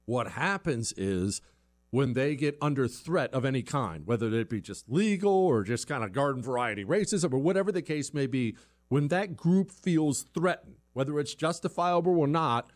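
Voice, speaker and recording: Man hosting a commentary show, opinionated monologue, lively swooping pitch, dry close sound. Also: normal speed, no echo. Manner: animated, emphatic, repeats phrases with stumbles. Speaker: political commentary host.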